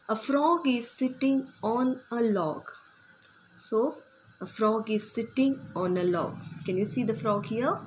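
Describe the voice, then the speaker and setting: Woman, primary teacher, very slow and patient, faint hiss in the background. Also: on the high side, poor audio. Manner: patient, repeats words and asks children simple questions. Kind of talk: slow classroom explanation to young children.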